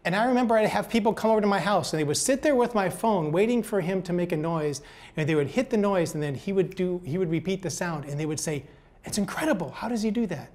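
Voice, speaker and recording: An older man giving a motivational talk, telling gentle, folksy stories and often repeating words as he goes. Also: high-pitched, quick pace. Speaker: speaker.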